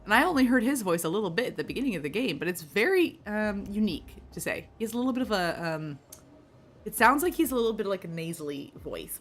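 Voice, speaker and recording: A woman streamer giving casual play-through commentary, reading game text aloud and chatting in quick, animated asides. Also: mid-range voice, a little hiss or hum. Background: faint game music.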